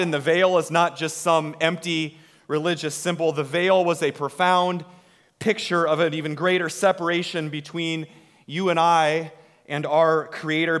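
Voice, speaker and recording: Brief: male pastor, sermon delivery, unhurried and slightly high-pitched, long reverb tail. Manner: slow, dramatic delivery with hushed drops and swells.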